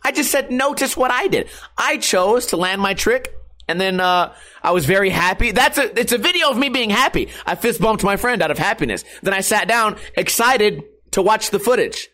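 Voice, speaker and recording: A young skateboarder and online streamer rants casually to his viewers in a high, animated, sharp-toned voice at normal speed. He's sarcastic and profane, laughing at himself along the way.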